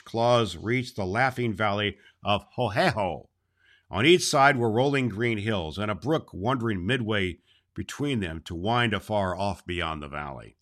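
A man in a Santa Claus persona reading a chapter book aloud, gentle and unhurried. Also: lowish voice.

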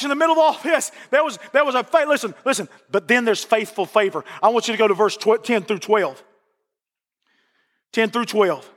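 A man preaching a sermon in a church with passion, repeating phrases for emphasis and rising to shouts at the peaks. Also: extremely high pitch. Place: church sanctuary. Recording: long reverb of a church hall.

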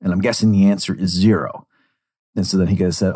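A man's voice: low-pitched, steady tone, fast talker, warm tone, breathy edge. A man giving digressive, explanatory commentary on interview clips. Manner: digressive, explanatory, acts out quotes.

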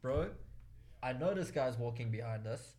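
Animated young man telling stories. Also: mid-range voice, normal speed. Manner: animated storyteller, laughs often. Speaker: podcast co-host. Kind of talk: casual football chat.

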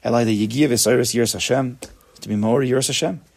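Gravelly, husky man giving a Torah talk. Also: mid-range voice, fast. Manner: emphatic, repeats words, sprinkles in Hebrew terms. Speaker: Torah teacher. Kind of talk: spoken Torah lecture.

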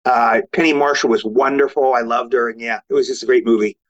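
A man's voice: mid-range voice, fairly quick. An older man, a guest actor, telling stories in casual talk and acting out what others said in a raised voice. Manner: animated, quotes others in raised voice. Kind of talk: casual storytelling. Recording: lo-fi remote audio.

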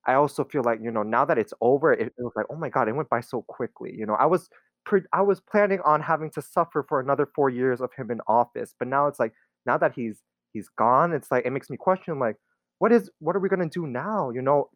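A man's voice: medium pitch, expressive, fast, fairly bright tone, no echo. A young man in a casual chat, rambling loosely with lots of fillers.

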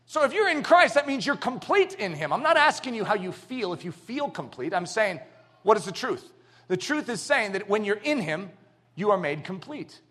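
Male preacher, high and bright, lively storyteller swinging loud to hushed. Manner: animated storytelling, acting out little scenes. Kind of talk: sermon.

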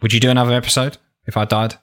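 A man's voice: medium pitch, level tone, very fast, a bit bright, clear, resonant tone. A young man with a London accent, co-hosting a podcast in casual, chatty talk. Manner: chatty and laughs easily. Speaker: podcast co-host. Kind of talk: casual chat.

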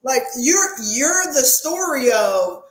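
A woman's voice: high-pitched, sing-song, takes it slowly, roomy sound, poor audio. A woman hosting and coaching on a podcast, talking in an informal, teasing way. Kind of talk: casual interview chat.

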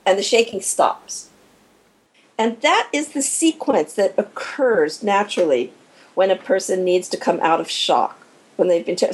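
A woman guest in an interview, explaining in a lively way and acting out small quoted moments as she goes. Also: mid-range voice, husky, poor audio. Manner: animated, acts out little scenes with quoted inner voices. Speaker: guest expert on shock and recovery.

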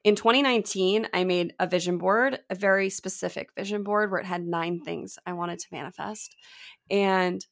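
A woman's voice: medium pitch, normal speed, gravelly. A woman hosting a podcast interview, telling a personal story in a reflective way. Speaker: podcast host.

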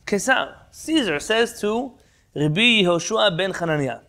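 Unhurried yet forceful, a Torah teacher whose voice sits high and sounds bright and expressive leads a Talmud lesson by video call. He renders Hebrew terms in translation, tests the class with questions and skips between topics.

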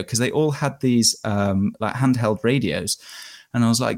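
A man's voice: medium pitch, fairly even intonation, normal speed, darkish tone. An Englishman telling a travel story as a guest in a casual interview, rambling and correcting himself as he goes. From England. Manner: rambling, self-correcting anecdote teller.

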